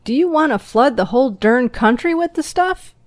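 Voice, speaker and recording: Woman reads jovial rural moonshiner, male, loud and folksy, raised pitch, dry close read. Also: expressive, unhurried, no echo.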